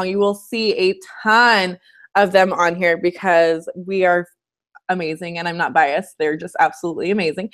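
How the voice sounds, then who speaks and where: Woman fitness coach, casual live-stream host at home; chatty, candid, personal delivery. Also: medium pitch.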